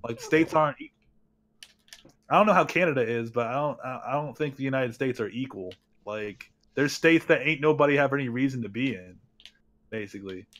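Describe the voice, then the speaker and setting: A man's voice: mid-range voice, expressive, fairly quick, a bit bright. A man chatting casually on a stream, rambling through half-formed ideas, swearing and laughing often.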